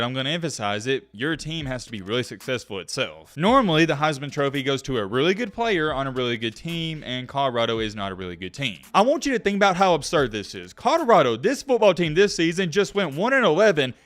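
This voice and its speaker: A man's voice: on the high side, fairly bright tone. A man talking straight to his viewers in an opinionated sports commentary vlog, emphatic and direct. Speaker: sports YouTuber.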